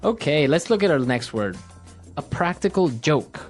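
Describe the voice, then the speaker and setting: A man hosting an English lesson podcast, relaxed and repeating phrases for learners. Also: a little high, moderate pace, faint music behind. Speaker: podcast host, English teacher. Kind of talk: casual teaching chat.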